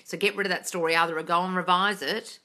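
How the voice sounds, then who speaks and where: A woman's voice: on the low side, steady tone, quick pace, pushed and bright. A woman manifesting coach on a casual live stream, reading chat questions aloud and answering bluntly with a lot of swearing, with a slight British intonation.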